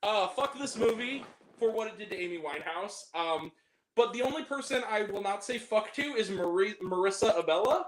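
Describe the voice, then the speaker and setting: A podcast co-host with a high, very lively voice talks animatedly at normal speed in a casual chat about movies. He swears freely and throws in exaggerated reactions, and the room has a noticeable echo.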